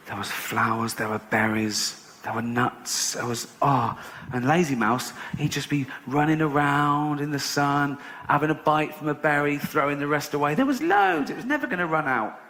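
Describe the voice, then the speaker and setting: A stand-up comedian spins a long story in a mock-innocent way, full of sardonic asides and frequent swearing. His mid-range voice is flat and unhurried, with a pushed, bright quality.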